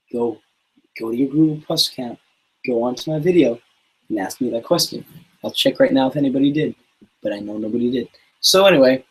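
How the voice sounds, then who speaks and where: A man's voice: a little high, breathy edge, poor audio. A young man hosting his channel's livestream, rambling in a jokey, mock-serious way. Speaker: channel host. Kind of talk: casual livestream chat.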